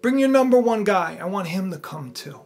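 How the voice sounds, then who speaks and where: A man's voice: high-pitched, lively intonation, moderate pace. A man doing a polite, coaxing young queen.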